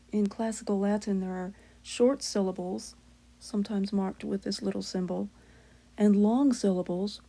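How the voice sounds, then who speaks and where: A woman giving a calm, careful lesson, explaining a Latin hymn step by step. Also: mid-range voice. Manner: slow, careful, measured delivery.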